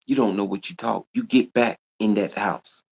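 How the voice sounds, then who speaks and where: A man delivers a scolding, repetitive rant to his livestream viewers, hammering the same lines over and over. His voice sits very low, with a gravelly rasp. He sounds confrontational and relentless. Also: steady tone, moderate pace, a little mellow. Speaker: livestream host. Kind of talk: ranting livestream monologue.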